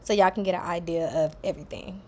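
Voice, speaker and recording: In an echoey space, a young female vlogger in her twenties chats through a personal anecdote, giving voice to what others said. Her voice is lowish, steady and mellow, and she talks quickly; the audio carries a faint hiss or hum.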